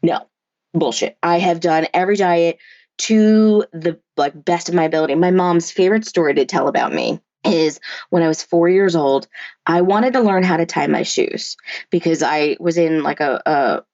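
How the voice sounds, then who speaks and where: A woman therapist and body-image coach speaks as a podcast guest in a fairly low, darkish voice at normal speed, with no room sound. She tells her story candidly, using many fillers and restarts, on a dull lo-fi remote recording.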